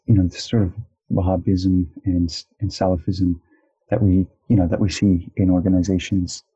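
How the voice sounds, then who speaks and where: A man's voice: sits low, flat delivery, normal speed, mellow, breathy edge, muffled recording. A man in casual chat, talking thoughtfully and hedging with fillers as he explains ideas. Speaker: conversation partner.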